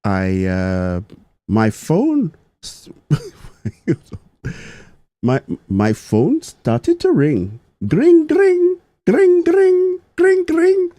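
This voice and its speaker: A man's voice: fairly low pitch, wildly swooping pitch, very slow, pauses often, mellow, dry recording, exaggerated voice. A man voicing a worried Indian man at a job interview, speaking in a put-on Indian accent and stammering anxiously.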